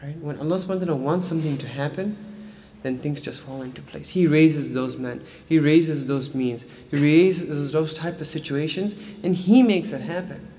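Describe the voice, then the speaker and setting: A man's voice: fairly high pitch, moderate pace, warm tone, slight background noise. Man lecturing in a reverberant hall. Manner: conversational, frequent "right?" and "like" fillers. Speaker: Islamic studies teacher. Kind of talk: casual lecture with anecdotes.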